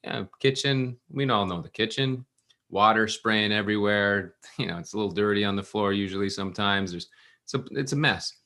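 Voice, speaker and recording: Animated man telling a temple story. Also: on the low side, moderate pace. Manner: animated, restarts, acts out quotes. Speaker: class speaker at a temple. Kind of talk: storytelling scripture class. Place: temple class room.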